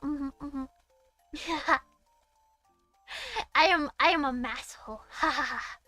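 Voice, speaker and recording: A woman's voice: high voice, takes it slowly, bright, forceful tone, no echo, faint music behind. A young woman from Massachusetts, a VTuber streamer, chatting casually on a live stream. She rambles and giggles often, with lots of fillers and restarts.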